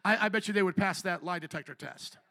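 A man preaching a sermon as pastor. He is animated, acts out little quoted voices, and calls out to the congregation. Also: high voice, quick pace, vocal fry.

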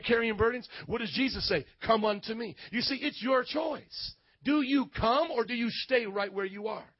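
A man preaching a sermon in church, fervent and calling out to the congregation, at times rising to shouts. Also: high-pitched, no room sound, dull audio.

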